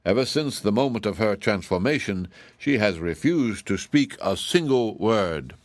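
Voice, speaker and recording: A man voicing a cruel, scornful giantess sorceress in an audiobook, speaking slowly and mockingly. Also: fairly low pitch, lively intonation, no room sound. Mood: boastful. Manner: slow, mocking and menacing.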